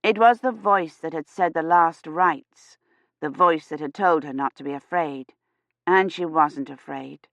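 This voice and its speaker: A woman narrating an audiobook in a measured, even storytelling manner. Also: deep voice, no echo. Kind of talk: scripted narration.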